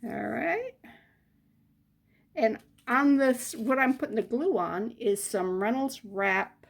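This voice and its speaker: A woman's voice: on the high side, expressive, slow pace, vocal fry. An older woman chatting casually as she works on jewelry, muttering to herself between remarks. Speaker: jewelry crafter. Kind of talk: casual crafting chat.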